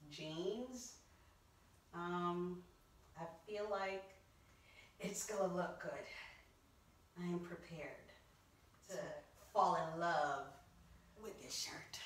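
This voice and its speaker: Animated woman in a roomy echo. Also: medium pitch, far from the mic, a little hiss or hum. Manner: animated, exclaiming, talking to viewers. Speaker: vlogger. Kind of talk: chatty try-on haul vlog. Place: home room.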